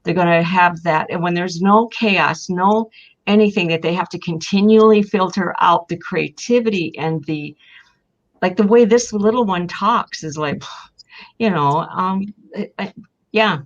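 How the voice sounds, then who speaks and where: A woman's voice: fairly low pitch, measured pace, highs cut off. An older woman telling heartfelt family stories in casual talk, emotional and sometimes tearful. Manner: emotional, heartfelt, crying at times. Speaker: guest. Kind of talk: casual storytelling.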